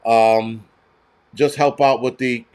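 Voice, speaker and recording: A man's voice: mid-range voice, steady tone, slow pace, a little mellow, clear, resonant tone. A man hosting a show, ranting heatedly with lots of swearing and stumbling restarts. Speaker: host. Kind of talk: profane ranting commentary.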